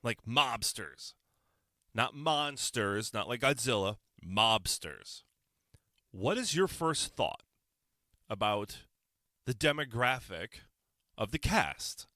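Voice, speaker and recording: A man hosts his own podcast alone, speaking straight into a microphone in a dry, close sound. He is sarcastic and keeps firing off rhetorical questions. His voice is bright and forceful, and his pitch swings widely. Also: big pitch swings, takes it slowly, long pauses, no echo. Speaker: podcast host. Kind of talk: solo opinion podcast monologue.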